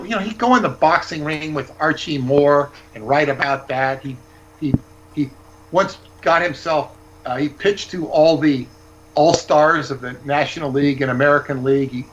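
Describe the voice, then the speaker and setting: A man's voice: a little high, a bit bright, lo-fi sound, slight background noise. A man talking as a guest author, telling rambling, digressive anecdotes in casual chat.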